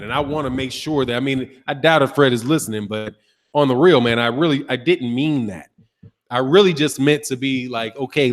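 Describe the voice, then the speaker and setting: Animated man with a reverberant, fairly high voice. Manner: animated storytelling, laughs often, swears casually. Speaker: boxing channel host. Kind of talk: casual livestream chat reading comments.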